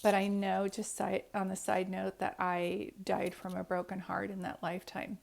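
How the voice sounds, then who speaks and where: A woman's voice: mid-range voice, completely flat delivery, moderate pace, gravelly. A woman, a psychic medium, earnestly telling a personal story to camera in a rambling way, often restarting her sentences.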